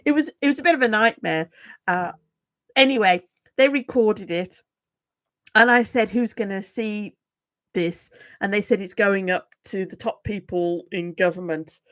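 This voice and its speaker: A woman's voice: mid-range voice, unhurried, fairly bright tone, no room sound. A middle-aged woman from England with a Brummie accent, chatting casually and self-mockingly to viewers on her channel. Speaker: YouTube host. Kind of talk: casual livestream chat.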